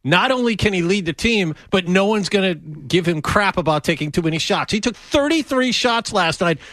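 A co-host with a slightly high voice tells dry, self-mocking stories between sports takes. The sound is close and dry, with no room around him. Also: male voice, expressive, normal speed, a bit bright, no room sound. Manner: wry, self-mocking storyteller. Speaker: podcast co-host. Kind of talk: casual sports talk.

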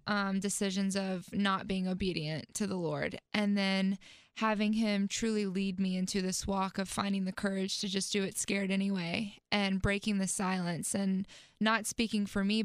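Earnest young woman, smooth voice. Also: mid-range voice, dry recording, studio quality. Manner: earnest, faith-driven, laughs easily. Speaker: guest. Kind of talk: interview answers.

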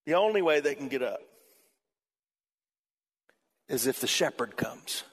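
A man preaching a sermon in a church auditorium, animated, swinging between loud emphasis and quiet passages. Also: mid-range voice, measured pace, pauses often, breathy edge. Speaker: pastor. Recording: long reverb from a large hall.

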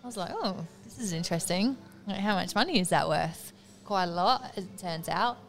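Woman, animated storyteller, casual chat, laughs a lot, faint music behind. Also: mid-range voice, a little fast. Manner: lively anecdote teller, laughs often. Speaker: podcast guest telling a story.

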